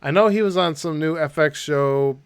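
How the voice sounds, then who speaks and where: A man's voice: a little high, normal speed, clean tone, dry recording. A man co-hosting a podcast in casual chat, often laughing as he retells movie scenes. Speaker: podcast co-host.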